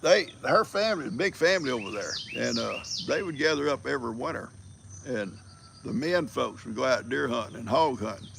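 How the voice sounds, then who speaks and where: A man's voice: medium pitch, lively intonation, a little fast, background noise. An older man, chatting casually on a livestream, a folksy storyteller who rambles and chuckles. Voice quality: gravelly. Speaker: livestream host.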